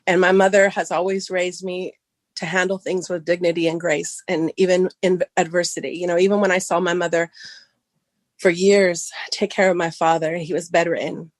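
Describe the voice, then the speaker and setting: On a podcast, a middle-aged woman from Southern California shares a personal story in a relaxed way, performing the dialogue herself. Excitement sends her voice up high; her pace is normal and the audio has no room sound.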